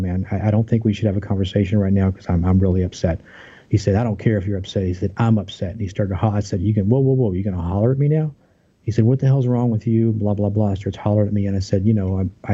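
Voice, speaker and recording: A man's voice: sits low, dark tone, husky, lo-fi sound. A man as an interview guest, earnestly telling his story of a workplace conflict, aggrieved, with many restarts.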